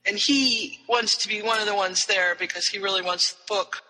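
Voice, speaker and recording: A man's voice: high voice, normal speed, big-room sound, poor audio. A man co-hosting a podcast, recapping a story in casual chat and animatedly acting out the characters' lines. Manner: animated retelling with quoted voices. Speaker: podcast co-host.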